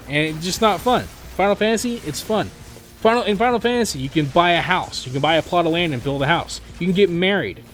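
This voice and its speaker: A young man rambling casually to his viewers, with many fillers and restarts. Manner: mimics other players in quick high voices. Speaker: gaming YouTuber. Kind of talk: casual spoken monologue.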